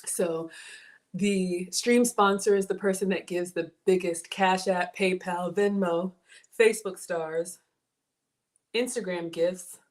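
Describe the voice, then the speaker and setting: A woman in her forties with a mild Southern American accent hosts a home-cooking livestream, chatting casually with viewers as she cooks. Her voice is fairly low and steady, and she speaks slowly, calling the chat "y'all" and thanking them for their support.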